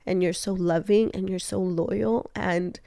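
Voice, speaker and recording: A young adult woman telling a personal story in an animated way to her husband, laughing often and acting out the lines she quotes. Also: fairly low pitch, a little slow, creaky, no room sound, studio quality. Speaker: co-host of a couple's talk show.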